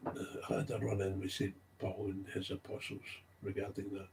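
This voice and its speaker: Low, mellow-voiced man telling a story. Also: completely flat delivery, fairly quick, gravelly, slight background noise. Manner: emphatic, repeats key phrases, gets agitated. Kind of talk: unscripted monologue, storytelling.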